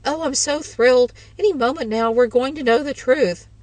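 A woman's voice: fairly high pitch, expressive, fairly quick, no echo, recorded from a distance, voice pushed up. A woman voicing an eager, meddlesome older woman who gushes breathlessly about ghosts, in a storybook reading. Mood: thrilled. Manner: gushing, breathless, triumphant.

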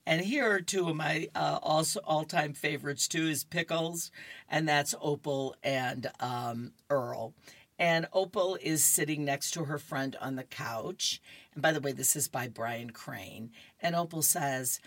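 A woman's voice: sits low, a little slow, no echo. A woman radio reader cheerfully reading comic strips aloud to listeners. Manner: cheerful, laughs between strips.

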